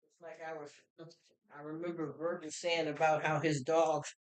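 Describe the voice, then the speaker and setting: A live streamer in casual chat who talks in a warm, rambling, heartfelt way with many restarts. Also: mid-range voice, little pitch movement, normal speed, dry recording. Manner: greets chat viewers by name and thanks them. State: choked up, near tears.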